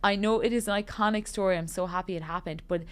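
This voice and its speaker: Woman telling a lively story. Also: medium pitch, quick pace, smooth. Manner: animated storyteller acting out quoted voices. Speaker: podcast co-host. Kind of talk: casual storytelling chat.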